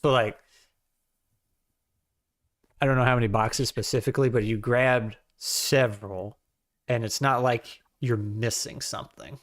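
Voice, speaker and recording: A game master narrating a tabletop game in loose, halting sentences full of fillers. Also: medium pitch, steady tone, no echo, clean studio sound.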